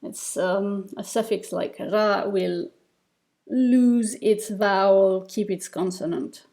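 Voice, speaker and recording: A woman's voice: medium pitch, slow pace, dark tone. A woman teaching a beginner reading lesson, explaining step by step in a patient way, with fillers and small restarts. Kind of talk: recorded lesson over slides.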